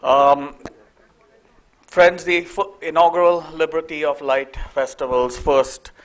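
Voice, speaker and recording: A man's voice: on the high side, fairly even intonation, takes it slowly. A man hosts a festival, making friendly announcements with fillers. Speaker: festival organizer and event host. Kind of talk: event announcements. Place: lecture hall at a festival.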